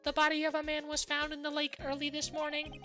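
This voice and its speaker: A woman voicing a formal TV news anchor with measured newsreader delivery. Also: high-pitched, completely flat delivery, sharp tone, faint music behind, voice pushed up. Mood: newsy.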